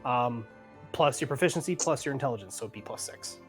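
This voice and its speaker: A man running a tabletop game as game master, rambling loosely and laughing as he narrates. His voice sits in a middle pitch, and faint music plays underneath. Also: quick pace. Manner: rambling, laughing, searches for words.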